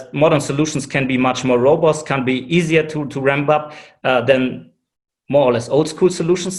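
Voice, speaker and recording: Earnest, hesitant man on a panel. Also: mid-range voice. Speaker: panel guest, AI innovation lead. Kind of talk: panel discussion answer.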